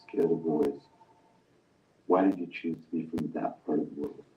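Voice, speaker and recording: An actor plays a cold interrogator who needles with sarcasm and hushed threats. His voice is very deep and dark, heard from a distance in a dull, echoing recording with a faint rumble. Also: steady tone, moderate pace. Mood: sarcastic. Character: cold hostile male interrogator.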